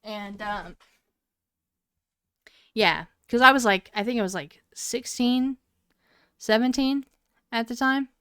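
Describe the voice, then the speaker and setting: Woman, twenties, podcast co-host, casual rambling story, swears a lot, very clear voice, dry close mic. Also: a little high, unhurried, pauses often, a bit bright, no room sound. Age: 20s. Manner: profane, meandering storyteller with many fillers.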